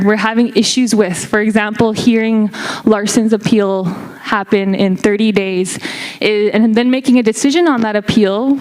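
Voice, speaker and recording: A young Canadian woman with a fairly high voice speaks up at a community band meeting in an impassioned public address. She sounds earnest and emotional, at times searching for words, and the audio quality is poor.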